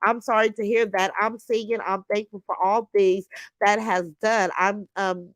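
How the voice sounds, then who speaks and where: A woman's voice: medium pitch, fairly even intonation, normal speed, no echo. A woman, casually hosting a live stream and talking straight to her viewers. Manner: chatty, addresses viewers directly, reads comments aloud. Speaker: livestream host reading chat.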